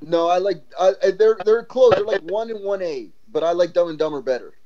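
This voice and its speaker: A man guesting on a casual podcast, easygoing and quick to laugh as he thinks out loud. His voice sits a bit high, and the recording sounds dull and muffled. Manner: laid-back, laughing, thinks aloud. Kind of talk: casual chat.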